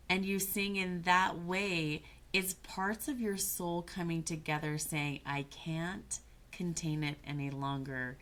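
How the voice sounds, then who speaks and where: Low-voiced woman speaking thoughtfully. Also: a bit bright. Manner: thoughtful, searching for words, restarts mid-phrase. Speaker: guest, business coach. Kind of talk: reflective podcast conversation.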